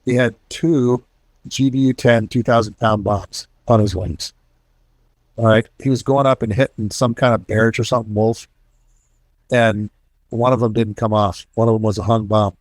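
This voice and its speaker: With a fairly low voice and fairly even intonation, this middle-aged man speaks at normal speed in a dry recording. A retired military pilot turned author, he shares casual war stories with an audience and voices the people in them.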